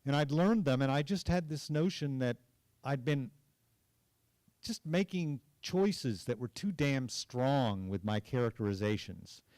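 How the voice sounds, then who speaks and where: Man, 50s, from Oklahoma: unhurried, animated anecdotes on a cinema stage, dry close mic. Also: medium pitch, no echo. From Tulsa, Oklahoma. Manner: animated anecdotes with hesitations and acted quotes. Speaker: guest actor. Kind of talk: storytelling in an onstage conversation. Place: cinema stage before an audience.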